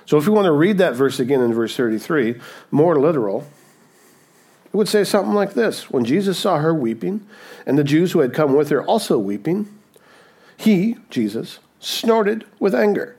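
A man delivering a sermon in an easy, conversational teaching voice that keeps checking in with his listeners. His delivery swings widely, climbing to emphatic, raised peaks and sinking to hushed, low moments. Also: animated, fairly quick, slightly rough. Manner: conversational, checks in with "okay?" and "right?". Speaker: pastor.

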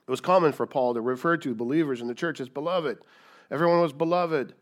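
A man's voice: a little high, quick pace. Emphatic male preacher. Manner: emphatic, rhetorical questions, repeats key words. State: coughing, dry throat. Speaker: pastor. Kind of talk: sermon.

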